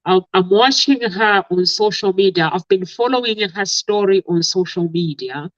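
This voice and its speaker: A man's voice: sits high, a bit bright, dry recording. A man talking on an online chat show, rambling through a story with many restarts. The audio is muffled and lo-fi, with no room sound at all. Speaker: talk show participant. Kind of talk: casual chat. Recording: dull, dry lo-fi audio.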